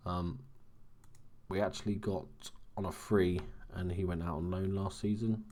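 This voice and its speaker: A young man quietly commentating on his own football management game in a casual chat. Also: fairly even intonation, measured pace, a little hiss or hum. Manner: talking quietly, late-night low-key chatter. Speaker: gaming commentator. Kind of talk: casual let's-play commentary.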